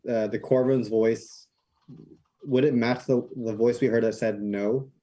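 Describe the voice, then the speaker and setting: A man's voice: medium pitch, fairly even intonation, unhurried, dark tone. A man playing a tabletop game, asking the game master hesitant questions. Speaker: player. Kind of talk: casual tabletop play.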